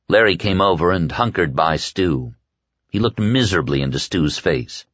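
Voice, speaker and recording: A man narrating an audiobook in a measured, expressive reading. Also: low-pitched, no echo. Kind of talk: scripted narration. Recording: dull lo-fi dry recording.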